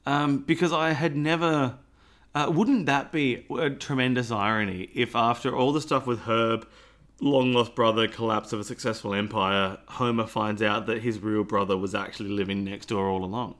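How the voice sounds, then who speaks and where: A man's voice: mid-range voice, fairly even intonation, moderate pace, a bit bright. Dry-joking man on a podcast. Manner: dry, rambling jokes. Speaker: podcast co-host. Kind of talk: casual chat.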